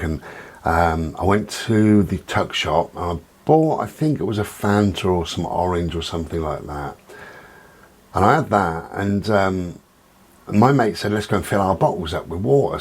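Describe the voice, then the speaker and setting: Bloke with a deep voice, rambling on honestly to the camera, swears a bit. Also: male voice, breathy edge. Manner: rambling, frank, swears casually. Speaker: vlogger. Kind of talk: casual personal monologue.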